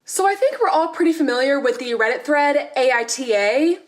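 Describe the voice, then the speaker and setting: A young woman telling funny personal stories in a casual, animated way, with laughter between anecdotes. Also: high voice, normal speed. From Southern California. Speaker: storyteller vlogger.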